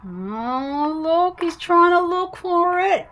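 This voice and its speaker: An Australian woman reads a picture book to toddlers in a high, bright, very animated voice. She speaks very slowly and swings her pitch widely, gasping in surprise as she goes. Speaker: storytime host reading picture books. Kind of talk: reading a picture book aloud to young children.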